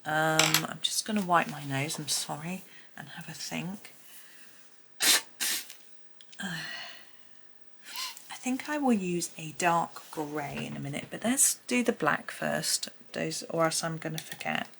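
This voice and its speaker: A woman's voice: low-pitched, expressive, slow, creaky, a bit bright, slight background noise. A woman talking casually through a colouring tutorial as she works, thinking aloud and sometimes dropping to a murmur. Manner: chatty, thinks aloud, drops to a murmur now and then.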